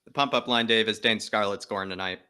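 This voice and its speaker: A man's voice: fairly low pitch, steady tone, fast, pushed and bright, smooth. A man calling in as a guest on a fan show, talking in an emphatic, passionate way. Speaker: guest caller. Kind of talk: casual chat.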